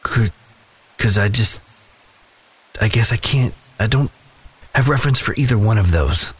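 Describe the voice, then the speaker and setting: A man giving a slow, thoughtful Bible devotional, telling personal stories. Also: fairly low pitch, expressive, slightly rough. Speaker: devotional speaker.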